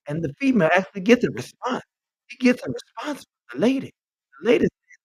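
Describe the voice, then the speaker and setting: A man's voice: sits high, big pitch swings, fast, darkish tone, slightly rough, dry recording, rough recording. A man hosting a comic advice bit, handing out blunt, profane mock-doctor diagnoses. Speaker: podcast host. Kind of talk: comic advice bit reading messages aloud.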